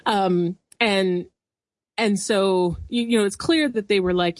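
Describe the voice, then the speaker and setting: A woman in casual podcast chat, opinionated and quick to laugh as she riffs on an old cartoon. Her voice sits at a middle pitch. The sound is close and dry. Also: no echo. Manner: animated, laughing, opinionated commentary. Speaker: podcast co-host.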